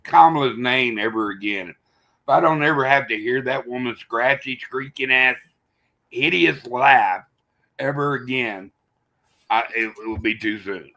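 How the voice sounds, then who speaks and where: A man's voice: mid-range voice, unhurried, gravelly, sharp tone, low-quality recording. A man in a casual political chat, blunt and mocking, recorded with a dry close sound.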